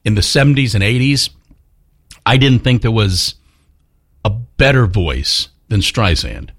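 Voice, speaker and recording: A man's voice: on the low side, expressive, unhurried, fairly bright tone, husky. A man hosting a morning news talk radio show, chatting casually with many fillers and restarts.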